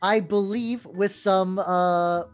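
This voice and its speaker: A man's voice: high voice, fairly even intonation, slow pace, clean tone. A man streaming while painting miniatures, chatting casually and stumbling over words as he corrects himself. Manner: rambling, stumbling self-corrections. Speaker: VTuber streamer. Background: soft background music.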